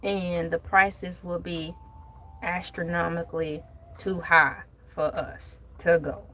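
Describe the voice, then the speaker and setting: A woman's voice: fairly low pitch, flat delivery, slow, a bit bright, a little hiss or hum, rough recording. A woman hosting a casual vlog, reading news aloud and breaking off for playful, joking asides. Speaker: vlog host.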